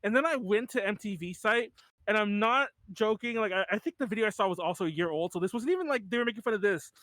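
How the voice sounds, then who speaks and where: A man's voice: high voice, quick pace, a bit bright, dry recording. A man in his thirties hosting a podcast in casual chat, rambling with lots of "like" and restarts and laughing often. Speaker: podcast host.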